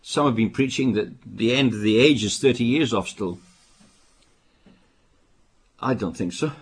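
An older man from Britain preaching a sermon, with emphatic bursts and quieter asides. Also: on the low side, measured pace, slightly rough. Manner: emphatic, rising to stress warnings, then dropping to asides.

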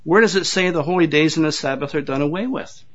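An older man delivers a sermon to his congregation in a folksy, conversational manner. His voice sits a little high, and he repeats words and chuckles at his own asides. The recording sounds dull and lo-fi. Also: fast talker. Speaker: pastor.

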